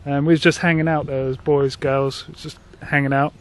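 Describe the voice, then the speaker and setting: A man's voice: a little high, level tone, moderate pace. Man recounting a story to a group. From England. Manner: plain storytelling with fillers. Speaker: group member. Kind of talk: telling a personal story.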